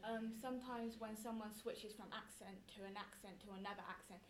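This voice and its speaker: A woman's voice: medium pitch, fairly even intonation, brisk, roomy sound, a little hiss or hum. A woman whose first language is Mandarin, speaking as a student guest in a thoughtful, slightly hesitant way.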